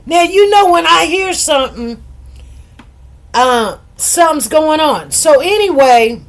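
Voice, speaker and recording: A woman's voice: high voice, very animated, measured pace. Chatty middle-aged woman live-streaming. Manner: chatty, greets viewers by name, repeats words for emphasis. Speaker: livestream host. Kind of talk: casual live-stream chat.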